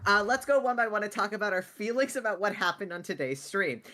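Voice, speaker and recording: A woman's voice: medium pitch, animated, quick pace, sharp tone. A woman in voice chat with fellow players, gushing, laughing easily and swearing freely. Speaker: game player. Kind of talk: casual voice chat.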